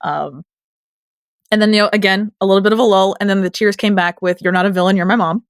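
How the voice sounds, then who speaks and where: A woman's voice: mid-range voice, fairly even intonation, fast talker, clean tone, no room sound, studio quality. A woman in her late twenties co-hosting a TV recap podcast in casual chat, chatty and emotional, laughing often. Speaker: podcast co-host.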